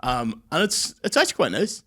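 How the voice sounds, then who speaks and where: A man's voice: a little high, wildly swooping pitch, a little fast, a bit bright, husky. A young man, telling stories on a podcast with lots of swearing and acted-out quotes. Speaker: podcast co-host. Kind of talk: casual chat.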